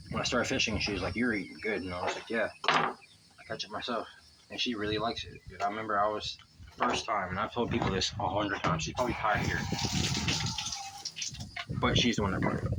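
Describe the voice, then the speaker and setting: A young man tells a rambling, profane story straight to his phone camera, chatty and loose. His voice sits a bit low. Clear outdoor noise and birds run under the recording. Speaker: vlogger. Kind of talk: casual storytelling vlog. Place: outdoors by the water.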